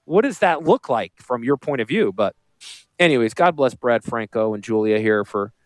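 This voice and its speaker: A man with a northern US accent hosting a radio show, talking in a high-pitched voice, joking and rambling off on tangents. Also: moderate pace, dry recording. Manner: animated, joking, goes off on tangents. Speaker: radio show host and financial planner.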